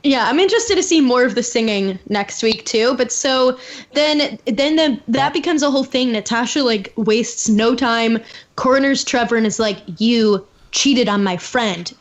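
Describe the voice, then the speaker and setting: A woman's voice: fairly high pitch, moderate pace. A young woman co-hosting a podcast, chatting casually about a reality show and peppering her talk with "like". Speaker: podcast co-host. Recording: dull lo-fi audio.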